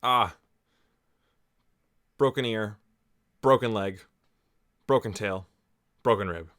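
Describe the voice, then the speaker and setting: A man's voice: fairly low pitch, slow pace, fairly bright tone. A Canadian man giving a casual, jokey watch-along commentary on a movie, reacting aloud as he goes. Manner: chatty and jokey, reacting aloud with laughs and asides. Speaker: movie reviewer.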